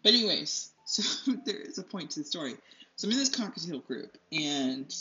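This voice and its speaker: A woman's voice: fairly low pitch, sing-song, a little fast, pushed and bright, soft background music. A young woman hosting an art tutorial, chatting casually while she paints at home, rambling, losing her train of thought and laughing often. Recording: slightly dull lo-fi sound.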